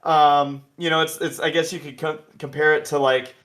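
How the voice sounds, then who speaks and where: A man's voice: on the high side, level tone, moderate pace, a bit bright. A man hosting a podcast, chatting casually and animatedly with many restarts and asides. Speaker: podcast host.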